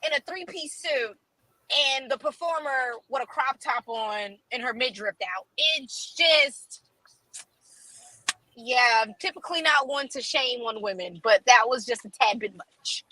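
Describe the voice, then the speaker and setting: A high, bright woman's voice with a husky edge, recorded very dry. She co-hosts a casual chat in a breezy, sarcastic way, filling her lines with "like". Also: measured pace, rough recording. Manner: breezy and sarcastic, with lots of fillers like "like".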